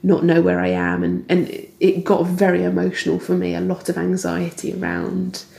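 A woman speaks as an interview guest, her voice low and gravelly. She talks candidly and haltingly, restarting phrases and laughing softly now and then. The recording has a noticeable room echo. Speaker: interview guest, Olympic athlete. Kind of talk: reflective conversational interview. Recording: echoey room.

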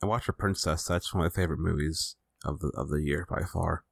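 A man hosting a podcast in casual chat, laid-back and halting, with plenty of fillers. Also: a bass voice, fairly even intonation, creaky, no room sound, studio quality. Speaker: podcast host.

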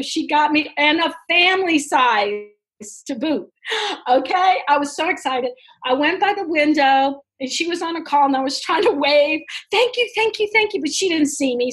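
Middle-aged woman, high voice, lively anecdote teller who laughs through it. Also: normal speed, poor audio. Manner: animated, laughs often. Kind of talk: casual storytelling.

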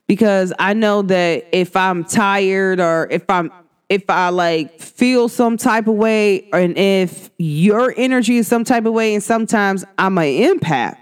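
A woman's voice: mid-range voice, measured pace, clear, resonant tone. A woman talking casually to her viewers about astrology, slangy and direct. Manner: animated, slangy, talks straight to viewers. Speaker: astrology vlogger. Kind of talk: casual talk to camera.

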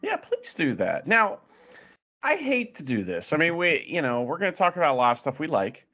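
A man co-hosting a casual podcast, animated and rambling, with many fillers. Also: fairly high pitch, moderate pace, highs cut off. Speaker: podcast co-host.

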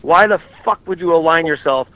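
A man, a comedian, chatting on a podcast over a call, riffing fast and swearing freely. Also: fairly high pitch, sharp tone, low-quality recording. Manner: profane, riffing, jumps into impressions. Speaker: comedian guest. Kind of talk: casual podcast chat.

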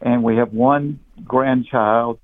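Taking it slowly with fairly even intonation, this medium-pitched comedian guest spins easygoing stories in a casual interview, laughing often and repeating words as he gets going. He's in his fifties, has a thick Southern Georgia accent, and comes through a tinny phone line.

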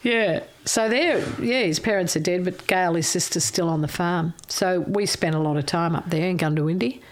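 A woman's voice: fairly low pitch, moderate pace. A middle-aged woman, a former chef telling rambling stories in a casual chat and laughing often.

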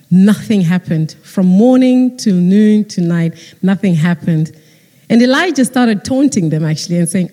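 Woman preacher, lively storytelling sermon. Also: mid-range voice, measured pace. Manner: lively storytelling, acting out characters. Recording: long hall reverb.

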